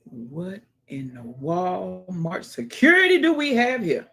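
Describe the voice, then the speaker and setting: A woman's voice: lowish voice, gravelly, breathy edge. A woman hosting a live stream, reading viewer comments aloud in a casual, exclamatory way, with folksy sayings, humming, and whispered asides. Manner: animated and exclamatory, dropping into murmured asides and whispers; folksy sayings and drawn-out hums.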